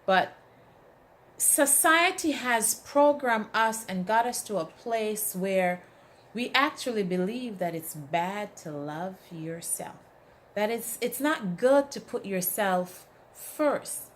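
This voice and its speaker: A woman's voice: mid-range voice, takes it slowly, a little hiss or hum. A woman giving an inspirational talk, speaking emphatically and telling stories with acted-out quotes. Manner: emphatic, asks the audience "right?"; animated storytelling with acted quotes. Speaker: motivational speaker.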